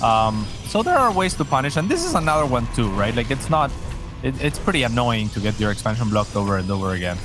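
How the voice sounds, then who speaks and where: A man commentating an esports match, explaining the play in a steady analytical way. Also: mid-range voice, fast, music in the background. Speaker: esports caster.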